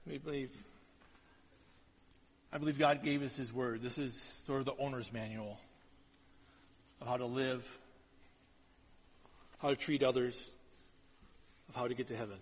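A man's voice: mid-range voice, husky. Preacher man in a reverberant hall. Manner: storytelling, animated and conversational, with quick repeated restarts. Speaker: pastor. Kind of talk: sermon.

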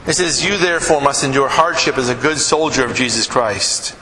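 Conversational preacher in an echoey hall. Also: male voice, medium pitch, fairly quick, sharp tone, a little hiss or hum. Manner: conversational preacher, rhetorical questions, acts out anecdotes. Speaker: pastor. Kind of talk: sermon.

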